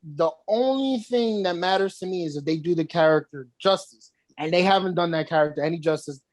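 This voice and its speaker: A woman's voice: on the low side, fairly quick, a little mellow, dry recording. A woman co-hosting a casual podcast chat, talking animatedly, swearing often and acting out quotes. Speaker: podcast co-host.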